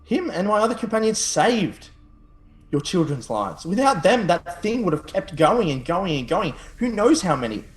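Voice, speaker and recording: A man's voice: high voice, sing-song, moderate pace. Guy doing earnest adventurer begging for his buddy, far from mic, echoey. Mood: pleading. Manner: pleading, emphatic. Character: earnest adventurer man pleading for his companion.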